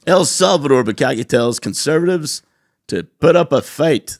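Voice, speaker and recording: A man's voice: fairly high pitch, expressive, moderate pace, no room sound, studio quality. A man co-hosting a podcast in casual chat, joking around and laughing often. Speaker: podcast co-host. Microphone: studio podcast mic.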